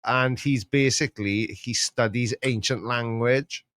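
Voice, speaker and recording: A man's voice: mid-range voice, fairly even intonation, unhurried, a bit bright, no room sound. A middle-aged man with a Welsh accent, rambling through a casual chat and dropping in plenty of yeahs as he hosts. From Wales. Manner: chatty, rambling, lots of yeahs. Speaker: channel host.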